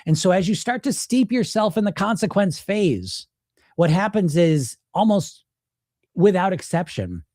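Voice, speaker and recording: Male weight-loss coach, blunt and animated, slightly high voice, dry close sound. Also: measured pace, dry recording. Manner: animated, acts out inner self-talk in quoted voices; blunt, casual swearing. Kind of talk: direct-to-camera coaching talk.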